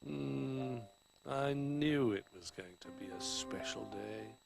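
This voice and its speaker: A man reading a storybook and voicing a calm, fatherly teddy bear who speaks warmly. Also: medium pitch, slow pace, over music, heavily acted.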